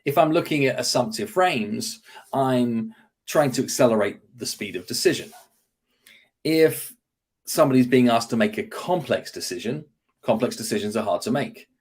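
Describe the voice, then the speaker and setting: A man's voice: mid-range voice, lively intonation, moderate pace, darkish tone, husky. A man explaining persuasion techniques in an interview, confidently acting out sample phrases as he teaches. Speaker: guest speaker on persuasion.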